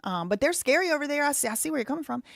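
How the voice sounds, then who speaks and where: A woman's voice: high-pitched, expressive, very fast, vocal fry, no room sound. Southern American woman, live-stream host, casual chatter, dry close sound. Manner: chatty, thinks aloud, reads viewer messages. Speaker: live show host reading donations.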